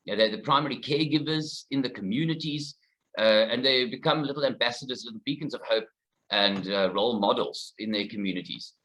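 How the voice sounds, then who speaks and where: A man from South Africa giving a fast, informal conference presentation from a research facility. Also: medium pitch, a bit bright, low-quality recording. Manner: quick, informal, slightly rushed. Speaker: conservationist presenter.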